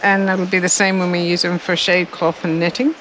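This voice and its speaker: A woman's voice: fairly low pitch, level tone, fairly quick, a bit bright, a little hiss or hum, rough recording. An Australian woman chatting casually in her garden, laughing often and searching for words. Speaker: co-host of a gardening channel. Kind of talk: casual chat. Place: outdoors in a garden.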